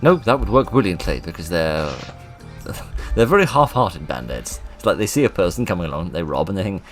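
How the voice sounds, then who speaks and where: A man with a deep voice talks through a video game in let's play commentary. He is self-mocking and excitable, and his pitch swings widely as he reads game lines aloud in put-on voices. Faint game music plays underneath. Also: brisk. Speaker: gaming video host.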